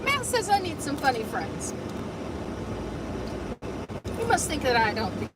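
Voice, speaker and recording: A woman's voice: high-pitched, big pitch swings, a little slow. A woman bantering and teasing as a passenger on a family road trip. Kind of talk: casual banter. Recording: car noise, mic far off. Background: road noise.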